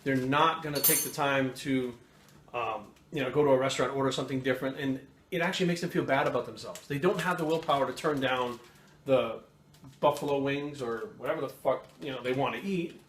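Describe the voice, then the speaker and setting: Fast-talking, swearing man in an echoey kitchen. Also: medium pitch. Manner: fast, profane, animated ranting. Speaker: fitness coach and channel host. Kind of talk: casual chat to camera. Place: home kitchen. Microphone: camera mic. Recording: roomy echo, faint room noise.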